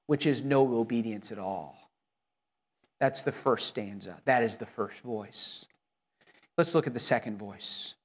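A man's voice: mid-range voice, unhurried. A male pastor preaching an earnest sermon in church, with frequent repeated words and restarts.

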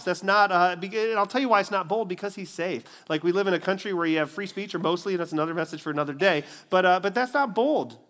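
High-pitched guy preaching, chatty and story-driven, lots of ums. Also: fairly bright tone. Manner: conversational storytelling with many fillers. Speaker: pastor. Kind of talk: sermon.

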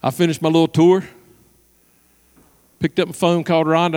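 Male pastor, high voice, storytelling sermon, long reverb of a large hall; lively, with quiet hushed moments. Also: moderate pace, long pauses, smooth. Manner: animated storyteller, drops to soft hushed tones.

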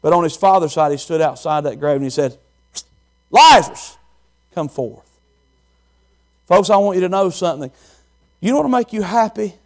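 A man preaching a folksy, animated sermon and quizzing the congregation. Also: sits high, fast. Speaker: pastor.

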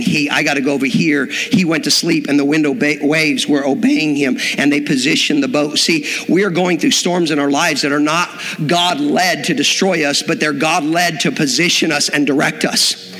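High-voiced preacher in a reverberant hall. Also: male voice, fairly even intonation, moderate pace, fairly bright tone. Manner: preaching with rising intensity, acting out quoted voices. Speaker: pastor. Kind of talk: sermon. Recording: long reverb in a hall, faint music behind.

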